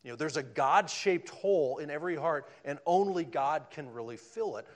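A man preaching a sermon, swinging from loud emphatic lines down to hushed, almost whispered ones. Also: a little high, lively intonation, normal speed.

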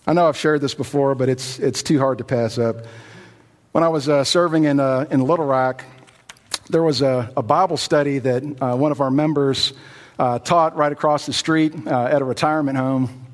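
A man's voice: mid-range voice, big-room sound. A male pastor giving a sermon in a folksy, storytelling way with lots of "you know" fillers.

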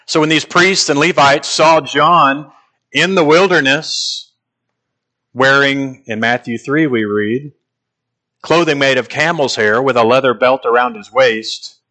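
A male preacher with a bright, forceful voice delivers an expository sermon. He is emphatic and drags out key words for weight. His pitch sits in an ordinary middle range. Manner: emphatic, slows down to stress key phrases.

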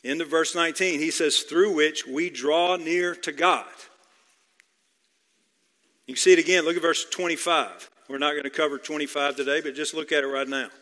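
A man's voice: fairly high pitch, fairly even intonation, fairly quick, few pauses, sharp tone. A man preaching an expository sermon, emphatic, repeating key phrases and asking questions of his listeners. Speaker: pastor. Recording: long hall reverb.

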